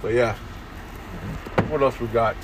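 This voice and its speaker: A young man hosts a comedy podcast from outdoors in a town near parked cars, ranting crudely and saying "dude" constantly. His medium-pitched voice is steady and measured in pace. He records on a phone held close to his face, with faint street noise behind him.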